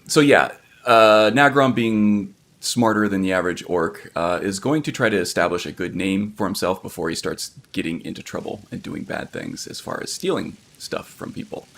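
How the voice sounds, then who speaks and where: A man's voice: deep voice, fairly bright tone, slight background noise. A man livestreaming a video game, chatting casually and rambling with plenty of ums and restarts. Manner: rambling, self-correcting, lots of ums.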